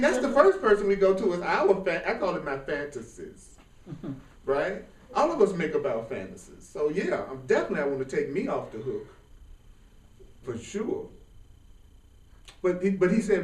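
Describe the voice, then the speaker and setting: A man giving an informal spiritual class, talking in a lively, colloquial way and often laughing. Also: fairly high pitch. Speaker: spiritual teacher. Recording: roomy sound from a distant mic.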